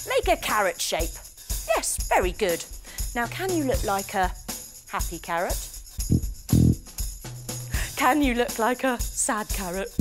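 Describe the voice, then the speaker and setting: A woman telling a story as a yoga teacher for children, playful and animated while she gives gentle instructions. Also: mid-range voice.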